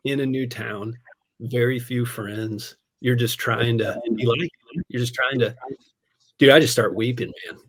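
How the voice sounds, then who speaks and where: A man's voice: medium pitch, measured pace, breathy edge. Man telling a story with lots of laughs. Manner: animated, laughs often, peppers speech with "man" and "dude". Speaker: pastor. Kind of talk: casual storytelling in a podcast conversation.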